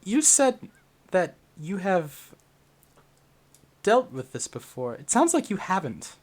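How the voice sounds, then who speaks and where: A composed, polite woman, pitched well up, calmly pressing a point, as a man voices her. The delivery is measured and quietly cutting. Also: exaggerated voice. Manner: calm, pointed questioning.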